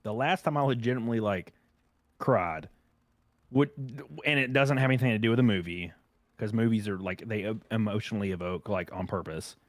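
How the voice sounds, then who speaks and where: A young man co-hosting a comedy podcast tells crude, rambling stories in casual chat, with lively swings in delivery. His voice is on the low side and fairly quick, with no room sound.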